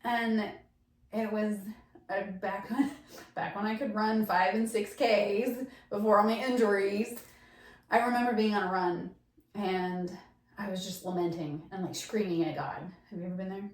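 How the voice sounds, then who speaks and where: A woman's voice: medium pitch, steady tone, normal speed, far from the mic. A woman hosts a casual faith conversation, opening up with candid, heartfelt stories. Her voice sits back from the microphone. The room around her is echoey. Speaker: podcast host.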